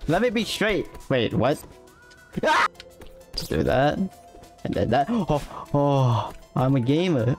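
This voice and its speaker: A streamer giving excitable gaming commentary, yelping, shouting and hyping themselves up. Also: medium pitch, slow pace, long pauses, faint music behind. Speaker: streamer playing a platform game.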